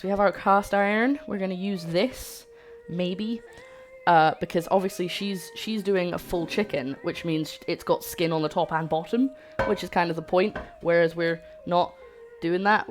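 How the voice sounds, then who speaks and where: A woman hosting a casual cooking livestream from her home kitchen, rambling cheerfully and answering her chat aloud. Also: on the low side. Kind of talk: casual live-stream chat while cooking.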